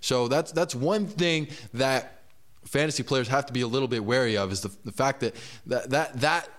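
A man's voice: medium pitch, moderate pace. A man co-hosting a fantasy football panel, confidently defending his bold picks in casual chat. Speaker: fantasy football analyst co-host.

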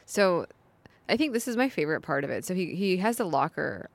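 A young woman co-hosting a podcast, chatting and giggling as she recaps an episode. Her voice sits low for a woman, and the recording is close and dry. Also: sing-song, fairly quick, gravelly, dry recording. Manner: chatty, giggly, trails off and restarts. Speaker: podcast co-host. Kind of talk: casual recap chat.

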